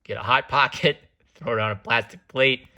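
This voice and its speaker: A man's voice: mid-range voice, moderate pace, pushed and bright. A man briefly putting on the voice of a lazy, easygoing adult guy who talks in an offhand way. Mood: smug.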